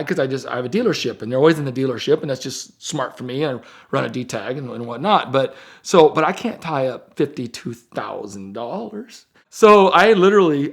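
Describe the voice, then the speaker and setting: A car dealer telling a story in casual storytelling, rambling with fillers and acting out quoted dialogue with animated jumps. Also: male voice, on the high side.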